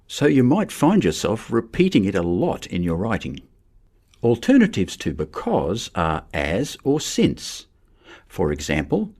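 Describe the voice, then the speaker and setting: A man giving a measured, scripted narration for a lesson on writing. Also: on the low side, darkish tone. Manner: measured, explanatory. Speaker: teacher.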